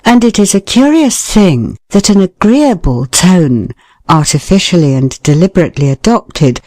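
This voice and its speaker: An audiobook reader giving a measured, expressive narration of a nonfiction book, briefly voicing short quoted remarks. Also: medium pitch, no echo, studio quality.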